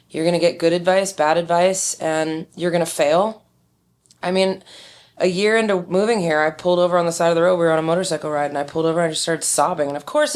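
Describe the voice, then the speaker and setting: A candid middle-aged woman with a slightly low voice, sharing her experience in a relaxed interview. She tells stories openly and slips into other people's lines as she goes. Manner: candid, storytelling, acts out quoted dialogue. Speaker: winemaker guest. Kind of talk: conversational interview.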